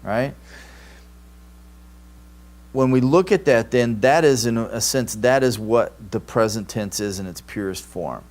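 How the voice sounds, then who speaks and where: A man's voice: mid-range voice, a little slow, long pauses, a little mellow. A man teaching a Greek grammar class, explaining patiently and checking in with "right?" often. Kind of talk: classroom lecture. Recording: live stream capture.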